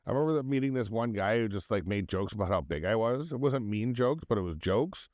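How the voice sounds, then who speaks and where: A man's voice: fairly low pitch, fast, no room sound, studio quality. A man in his thirties co-hosting a podcast, telling profane stories in casual chat and slipping into voices for the people in them. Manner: profane, animated storyteller doing voices. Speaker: podcast co-host.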